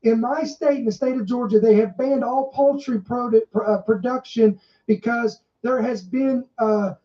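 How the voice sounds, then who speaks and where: A woman's voice: fairly high pitch, fairly even intonation, normal speed, dark tone. A woman hosting a podcast, reading news headlines aloud and stressing key words, stopping to add her own commentary. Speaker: podcast host. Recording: muffled, dull recording.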